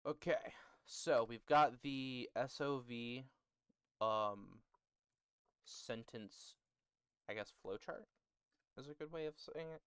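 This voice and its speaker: A man's voice: medium pitch, slow pace, pauses often, clear, resonant tone, no room sound. A male streamer, close to his mic, casually explaining how to build a language to his chat and joking with them. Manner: jokey, bantering with chat, laughs often. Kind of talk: casual livestream teaching about building a language.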